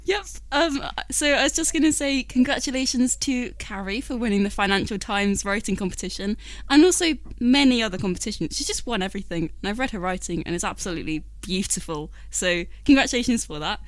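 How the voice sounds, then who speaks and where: Upbeat woman cohost giving shoutouts, dead dry mic. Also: mid-range voice, lively intonation, dry recording. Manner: bubbly, quick to laugh. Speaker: podcast co-host. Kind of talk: casual chat.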